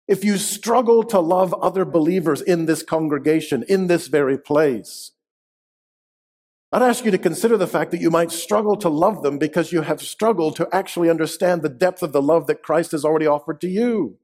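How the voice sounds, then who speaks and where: Emphatic preacher, slightly high voice. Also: male voice, darkish tone. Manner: emphatic, slows and drops to stress key words. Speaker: pastor. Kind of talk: sermon. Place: church sanctuary.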